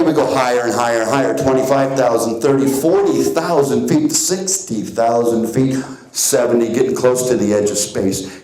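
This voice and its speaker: A man working as a stage hypnotist, guiding volunteers with slow suggestions and chuckling at their answers. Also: mid-range voice, a little mellow, reverberant, rough recording. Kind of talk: comedy hypnosis stage patter. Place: theater stage before a live audience.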